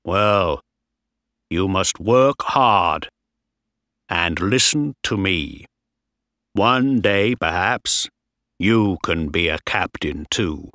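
A man's voice: low voice, expressive, extremely slow, pauses often, sharp tone, dry recording, clean studio sound, heavily acted. A man doing a stern, bossy ship captain. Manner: commanding, clipped orders.

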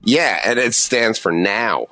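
A low-voiced man from Canada riffing as a comedian guest, rambling from one bit to the next with deadpan delivery. His pitch leaps around a lot as he jumps into other people's voices. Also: slow, no echo. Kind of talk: casual comedic chat.

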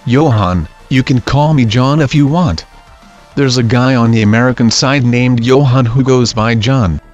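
A man's voice: medium pitch, moderate pace, darkish tone, lo-fi sound, soft background music, lightly acted. A man reading as a creepy grinning stranger. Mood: flat.

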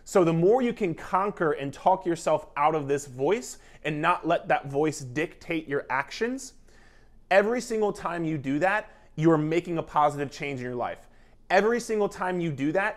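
A fitness coach talks to the camera about losing weight, his voice a little high and expressive at a moderate pace. His pep talk is emphatic and repetitive, casual in tone, with the occasional swear word.

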